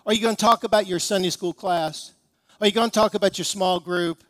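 Imagined Jesus, pressing rhetorical questions, high and forceful, a man speaking as him. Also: steady tone, a little fast, long reverb tail, natural voice. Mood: challenging. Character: imagined Jesus challenging a church, adult man.

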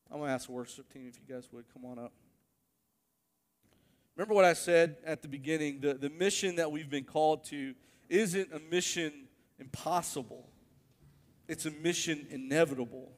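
A man's voice: a little high, normal speed. Preaching man in a reverberant hall. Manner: animated storytelling, rising to emphatic peaks. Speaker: pastor. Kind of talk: sermon.

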